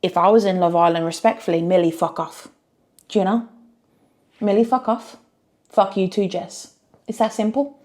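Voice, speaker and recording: A woman's voice: mid-range voice, steady tone, normal speed, long pauses, a little mellow. A woman giving blunt, emphatic reaction commentary on a reality show. She repeats phrases for effect and swears freely.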